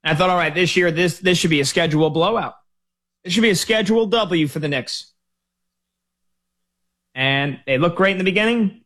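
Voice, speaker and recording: A man hosting sports talk radio, ranting in an animated, exasperated way into a studio microphone. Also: high-pitched, normal speed, long pauses.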